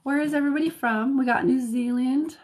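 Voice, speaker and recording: A woman's voice: high-pitched, a little fast, a little mellow. A woman from Colorado hosting a live stream, greeting viewers by name in casual chat, laughing often with frequent ums and restarts. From Colorado, United States. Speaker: intuitive reader, live stream host. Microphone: phone or webcam mic, live stream.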